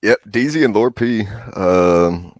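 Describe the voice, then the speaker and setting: A man's voice: fairly low pitch, animated, slow pace, dry recording, studio quality. A man co-hosting a show and giving a casual review of songs in a laid-back way, with many filler words.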